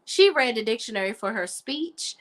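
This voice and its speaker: Blunt animated woman with a DC accent. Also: a little high, normal speed. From Washington, D.C. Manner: blunt, animated, swears freely. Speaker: podcast co-host. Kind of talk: casual commentary chat.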